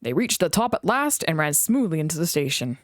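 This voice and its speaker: A woman reading a children's storybook aloud in an expressive way. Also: sits low, brisk, no room sound, clean studio sound. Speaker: reader.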